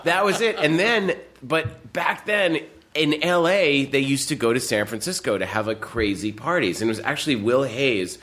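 This male podcast co-host tells casual, wandering anecdotes in a mid-range, somewhat bright voice at a moderate pace, peppering them with fillers and restarts.

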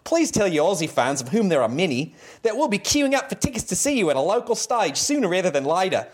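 A man's voice: sits high, sing-song, husky, pitched above the performer's own voice, exaggerated voice. A man doing a bad put-on Australian accent. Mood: mock earnest. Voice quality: exaggerated, deliberately bad accent. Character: Australian fan letter writer, read aloud with a bad accent.

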